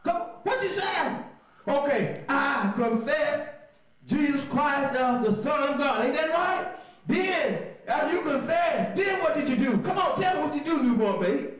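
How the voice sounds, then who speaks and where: A man teaching a call-and-response Bible lesson, often shouting, laughing, and spelling words out letter by letter. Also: very high voice, lively intonation, measured pace, far from the mic, a faint crowd. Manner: laughs often, coaxing the class to repeat. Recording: very echoey room.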